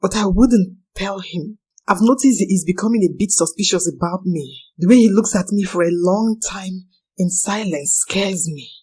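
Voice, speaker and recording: A woman's voice: mid-range voice, normal speed, a little mellow, breathy edge. A young woman narrating a personal confession in an earnest, anxious manner.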